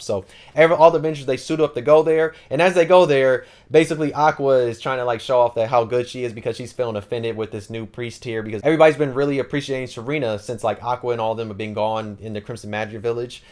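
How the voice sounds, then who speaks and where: Quick, slangy male anime recapper who rambles and fills with "like". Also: medium pitch. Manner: rambling, slangy, lots of fillers. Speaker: anime channel host. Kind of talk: casual anime plot recap.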